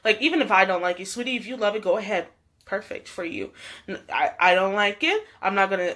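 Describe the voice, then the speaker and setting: A woman's voice: mid-range voice, normal speed, fairly bright tone. A young woman vlogger telling a story in a chatty way, full of "like" and laughs. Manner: chatty, many fillers and laughs. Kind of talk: storytime vlog chat.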